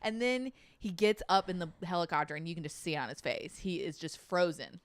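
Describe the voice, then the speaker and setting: A young woman co-hosting a podcast in casual chat, animated and swearing, often laughing as she tells stories. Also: lowish voice, fast talker, dry recording. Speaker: podcast co-host.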